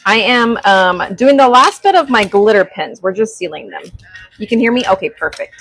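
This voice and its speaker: A young woman chatting on a craft livestream, greeting viewers with excited gasps. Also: mid-range voice, normal speed, low-quality recording. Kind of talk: casual livestream chat. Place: craft workspace at home. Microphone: small clip-on mic.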